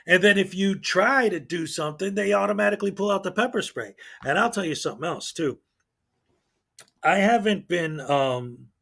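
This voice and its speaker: A man with a fairly high speaking voice rants in casual channel commentary. He turns sarcastic and exasperated, with heavy sighs between points. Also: fairly bright tone. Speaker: online video commentator.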